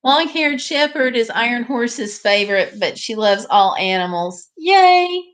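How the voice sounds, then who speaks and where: A woman's voice: a little high, a little slow, a bit bright. A woman hosting a live stream, chatting casually and directly with her viewers.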